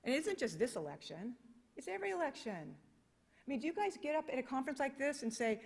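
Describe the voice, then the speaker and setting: A fairly high-voiced American woman delivering a conference keynote, fired up and emphatic, firing off rhetorical questions. Her voice rings out with the long reverb of a big hall. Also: sing-song, fast, vocal fry, slight background noise. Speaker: keynote speaker.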